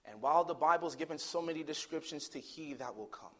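Male preacher, high pitch, theatrical delivery that swings from loud to hushed. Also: fast talker, hardly any pauses. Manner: dramatic, swings from loud declaiming to hushed near-whisper; storytelling with acted voices. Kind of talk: sermon.

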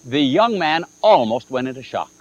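A man's voice: medium pitch, sing-song, normal speed, no echo. A man preaching a sermon, telling a story and acting out the dialogue with shifting emphasis. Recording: dull lo-fi archival recording with mains hum.

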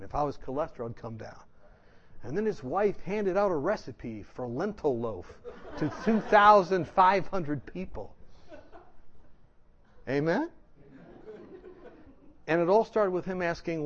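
A male pastor telling humorous stories in a sermon, animated and laughing often. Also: a little high, dull audio. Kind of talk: storytelling sermon.

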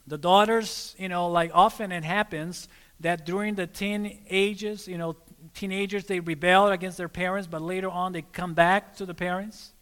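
High, bright-voiced male preacher. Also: fairly even intonation, moderate pace, smooth, in a large hall. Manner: prompts listeners to fill in words, calls them friends. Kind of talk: sermon.

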